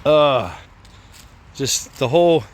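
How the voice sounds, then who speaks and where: A man's voice: mid-range voice, animated, takes it slowly. A man out of breath, chatting casually and laughing at himself as he records a vlog on his phone while walking outdoors by a creek. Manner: laid-back, rambling, laughs at himself. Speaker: vlogger. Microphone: phone held while walking.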